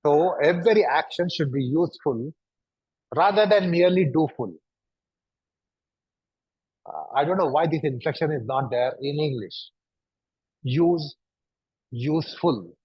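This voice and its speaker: A man leads a yoga class in a husky, somewhat raised voice, circling back to the same questions again and again. The recording is dull and lo-fi, with a close, dry sound. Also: fairly high pitch, expressive, measured pace, pauses often, a little mellow, no echo. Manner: repetitive, probing rhetorical questions. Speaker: yoga teacher. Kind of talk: instructing a class.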